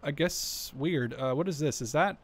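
A man commentating on a strategy game as he plays, chatty and thinking aloud, with quick startled exclamations. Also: a little high, husky. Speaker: gameplay commentator. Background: gunfire and artillery from the game.

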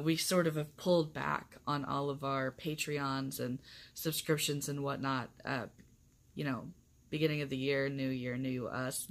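A young woman with a low voice chats casually to her camera. She rambles, fills her sentences with ums and likes, and laughs often as she talks. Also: creaky, fairly bright tone. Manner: chatty, rambling, laughs often, lots of fillers. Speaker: vlogger.

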